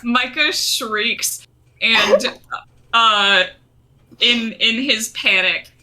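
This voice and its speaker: Woman player, unhurried and hesitant, piercingly bright tone. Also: on the high side, low-quality recording. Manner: slow, hesitant with many fillers. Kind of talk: casual tabletop role-play.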